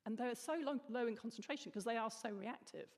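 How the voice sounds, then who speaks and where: A woman's voice: on the high side, fast. Woman chemist explaining, reverberant hall. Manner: explanatory, laughs often. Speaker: atmospheric chemist guest. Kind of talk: casual panel chat.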